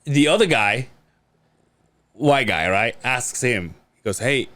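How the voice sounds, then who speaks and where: A man's voice: medium pitch, takes it slowly, dry recording. A man co-hosting a podcast, telling a story in casual chat, laughing often and swearing freely. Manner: laughing storyteller, animated and profane. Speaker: podcast co-host.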